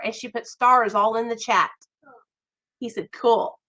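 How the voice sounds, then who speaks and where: A young woman chatting warmly with viewers on a livestream, greeting them by name. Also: on the high side, steady tone, unhurried, rough recording. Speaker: livestream host. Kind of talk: casual livestream chat.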